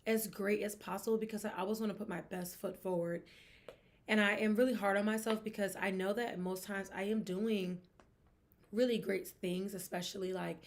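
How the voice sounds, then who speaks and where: A young woman hosting a sports podcast, talking in a chatty, expressive way with emphatic asides. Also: medium pitch. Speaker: podcast host. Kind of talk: casual sports gossip chat.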